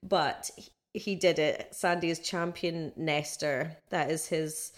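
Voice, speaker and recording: A pregnant woman co-hosting a casual podcast, telling animated stories and laughing often. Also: deep voice, slow. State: six months pregnant. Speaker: co-host.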